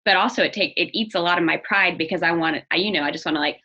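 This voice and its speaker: A woman's voice: fairly low pitch, rapid-fire, bright, forceful tone. A young adult woman speaking openly and earnestly as an interview guest, often restarting her sentences. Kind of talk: candid personal interview. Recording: dull lo-fi audio.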